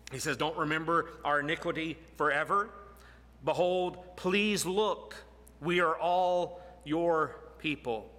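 A man delivers a sermon with earnest, measured phrasing, often dropping low and quiet to drive a point home. His voice sits somewhat high for a man and sounds bright and forceful. The sound rings with the long reverb of a large hall. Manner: earnest, drops low and soft for emphasis, slow deliberate phrasing. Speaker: preacher.

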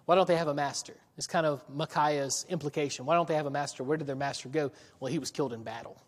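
A man delivers a sermon in a casual, conversational way, asking his listeners questions and chuckling as he goes. His voice sits a little high for a man, and he slows down to act out the lines of the biblical characters. The sound rings with a long reverb, as in a large hall. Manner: conversational, asks the audience questions, chuckles often. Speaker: preacher. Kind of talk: sermon with scripture reading.

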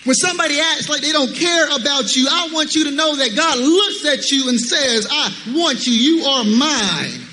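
Pastor, male, very high bright voice, emphatic sermon delivery, church hall reverb. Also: moderate pace, few pauses, slight background noise. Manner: emphatic preaching with rhetorical questions. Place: church sanctuary.

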